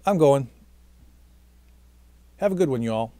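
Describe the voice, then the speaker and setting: A man's voice: mid-range voice, expressive, slow, dark tone, dry recording. Tired, chatty man rambling to camera. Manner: chatty, self-mocking, keeps talking past his own sign-off. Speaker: vlogger and stage actor. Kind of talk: rambling casual monologue to camera.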